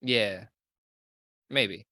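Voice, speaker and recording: A man's voice: on the low side, extremely slow, bright, forceful tone, no room sound. Chatty young man with a dry close sound. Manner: rambling, enthusiastic, self-correcting. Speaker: podcast host. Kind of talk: casual gaming podcast chat.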